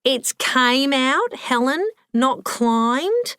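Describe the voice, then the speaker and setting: A big, boisterous old lady who corrects her friends and nudges everyone around her, as a female reader puts her on. Her voice sits higher than the narration and comes through loud and emphatic. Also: big pitch swings, drawn-out words, smooth, no echo, clean studio sound, full character voice. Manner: loud, fussy. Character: large, loud, bossy elderly woman.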